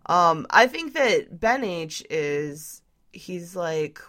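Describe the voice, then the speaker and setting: A woman's voice: on the low side, very animated, drawn-out words, a bit bright, no echo, studio quality. A woman co-hosting a podcast in casual chat, blunt and teasing, swearing freely. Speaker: podcast co-host.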